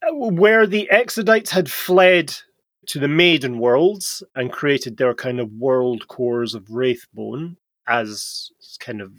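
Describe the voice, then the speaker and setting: A man hosts a casual podcast, laying out lore at an unhurried, deliberate pace. His voice sits at a middle pitch and the room sounds dry and close. He explains patiently, with the odd filler. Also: no room sound. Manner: slow, explanatory storytelling with fillers.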